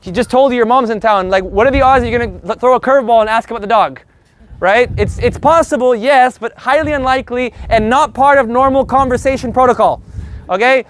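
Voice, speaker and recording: A man teaching a live group Spanish lesson in an energetic, joking, profane way. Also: very high-pitched, fairly quick.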